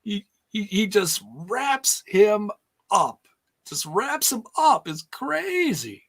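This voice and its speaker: A man's voice: sits high, very animated, takes it slowly, a bit bright. A man co-hosting a casual wrestling review podcast, speaking in an earnest, thoughtful way. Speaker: podcast co-host.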